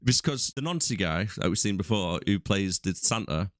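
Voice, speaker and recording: A man's voice: low-pitched, expressive, normal speed, no echo, studio quality. A man co-hosting a podcast, rambling through crude jokes about a movie. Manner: rambling, crude, storytelling with mock quotes. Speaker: podcast co-host. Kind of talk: casual film-roast chat.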